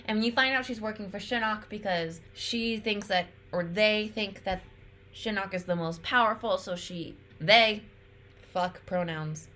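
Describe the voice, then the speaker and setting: A woman's voice: mid-range voice, unhurried, sharp tone. Chatty woman reviewing with frequent "like". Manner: chatty, frequent "like", swears freely. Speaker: YouTuber reviewing an animated film. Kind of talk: casual commentary.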